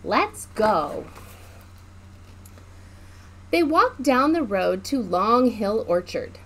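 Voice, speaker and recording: A woman children's librarian leading a preschool storytime, reading a picture book aloud. Her voice is high and swoops up and down in a sing-song, teacherly way, and she speaks slowly and clearly for little listeners. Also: very animated, fairly bright tone.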